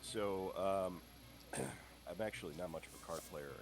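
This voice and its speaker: A man playing a tabletop game, relaxed and casual. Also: deep voice, unhurried, over music. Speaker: player.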